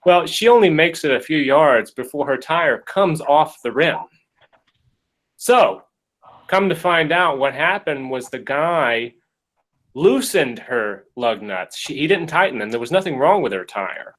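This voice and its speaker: A man's voice: fairly high pitch, unhurried, low-quality recording. A man hosting a podcast, retelling a case in a jokey, casual way and acting out the quotes. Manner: jokey, animated, acts out quotes. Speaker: podcast host. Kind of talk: casual storytelling.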